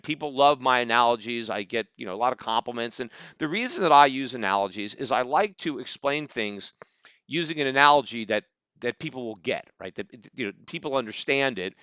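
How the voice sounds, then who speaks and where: A man's voice: mid-range voice, pushed and bright, clear, resonant tone, no room sound, muffled recording. A middle-aged American man hosting a podcast, giving combative, sarcastic solo commentary and often asking "right?". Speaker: podcast host.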